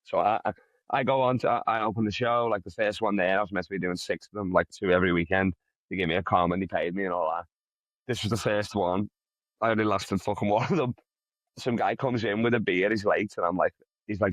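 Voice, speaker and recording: In a fast, low voice with no echo around it, a comedian recounts a rambling, profanity-laced, animated anecdote while being interviewed casually as a guest.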